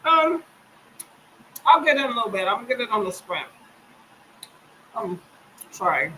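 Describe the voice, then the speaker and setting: A woman's voice: on the high side, sing-song, normal speed, sharp tone, slight background noise. A woman hosting a casual livestream from home, chatting with viewers, reading their comments aloud and answering them in a folksy way. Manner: folksy, addresses viewers as y'all. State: briefly coughing and stuffy. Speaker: livestream reading-sprint host. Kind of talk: casual live chat with viewers. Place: at home near the kitchen.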